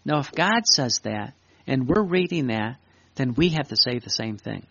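A man's voice: medium pitch, lively intonation, creaky, sharp tone, breathy edge, no echo. A man preaching, reading a devotional text aloud and breaking off for earnest asides to his listeners. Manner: pauses to add earnest asides between readings. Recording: dry, dull lo-fi recording.

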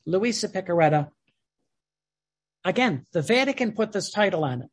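An earnest devotional teacher with a slightly husky, breathy voice at a middle pitch. The talk is informal and heartfelt, full of restarts and repeated phrases. It sounds like someone explaining their faith to listeners in their own words. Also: expressive, moderate pace.

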